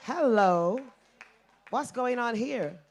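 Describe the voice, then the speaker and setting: A middle-aged woman in the audience giving a forceful, emphatic public comment, repeating her points. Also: a little high, expressive, takes it slowly. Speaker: audience member.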